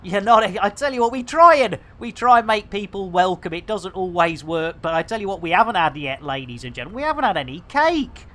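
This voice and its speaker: A man's voice: high voice, expressive, brisk, hardly any pauses, a bit bright. A British man streaming a game and rambling through jokey, innuendo-heavy commentary. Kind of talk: comedic live gameplay commentary.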